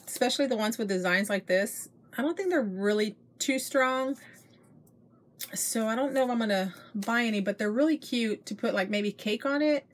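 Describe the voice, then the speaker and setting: A middle-aged Texan woman, a haul vlogger, gushes over her shopping finds in chatty show-and-tell talk, calling her viewers "you guys." Her mid-range voice is a bit bright, and the recording carries a little hiss or hum.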